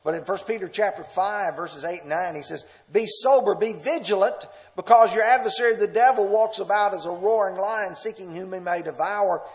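Male pastor, fairly high voice, sermon in a reverberant sanctuary; loud scripture reading, quiet slow asides. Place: church sanctuary.

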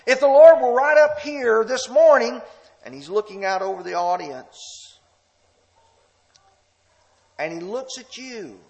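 A male pastor preaching a sermon, reading scripture loudly and dropping to hushed, slow asides. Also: extremely high pitch, creaky, in a large hall. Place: church sanctuary.

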